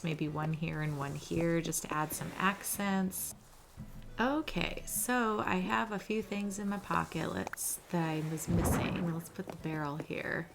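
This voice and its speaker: A young woman with a fairly low-pitched voice runs a gaming channel, chatting casually over her gameplay in a cozy manner and often using the word "little." Background music plays, and the background is noisy.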